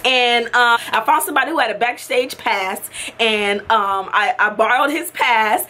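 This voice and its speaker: A young woman recounts a story straight to her camera in a loose, casual vlog. Her voice sits high and bright, and she acts out each side of the conversation. She breaks into laughter often. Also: normal speed, a little hiss or hum. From Florida. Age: young adult. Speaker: YouTuber and makeup artist.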